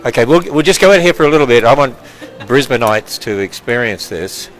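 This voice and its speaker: A man's voice: medium pitch, animated, brisk, faint music behind, rough recording. Chatty older Australian man giving a tour. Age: 60s. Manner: chatty, jokey, laughs often. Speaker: ministry president giving a tour. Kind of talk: casual chat with visitors. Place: walking through a building and outdoors.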